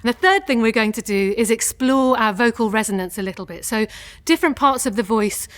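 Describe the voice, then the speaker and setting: A woman with a fairly high voice leads a singing warm-up, talking learners through each exercise step by step. She shows each sound before asking them to copy it, and her tone stays encouraging throughout. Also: animated, fairly quick. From England. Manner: encouraging, clear instructions, demonstrates sounds. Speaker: singing teacher. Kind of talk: vocal warm-up lesson.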